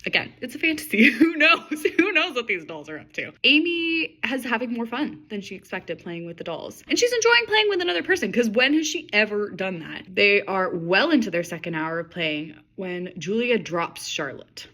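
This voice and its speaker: A woman's voice: mid-range voice, sing-song, moderate pace, few pauses, pushed and bright. A woman reading her own old fantasy story aloud, breaking off for wry, sarcastic commentary.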